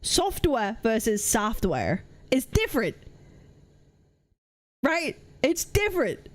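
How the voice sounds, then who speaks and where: A young Welsh woman streaming live, chatting casually with frequent swearing and excitable, shouted rants. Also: on the high side, slow pace. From Wales.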